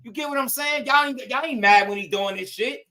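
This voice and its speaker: A man's voice: extremely high pitch, fairly quick, sharp tone. A man hosting casual boxing commentary, ranting with profanity, slang and rhetorical questions.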